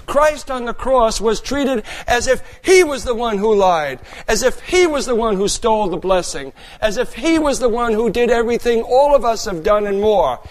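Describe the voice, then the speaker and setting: A man preaching a sermon as a pastor, earnest, moving between raised passages and quiet, hushed ones. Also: extremely high pitch, lively intonation, normal speed, few pauses.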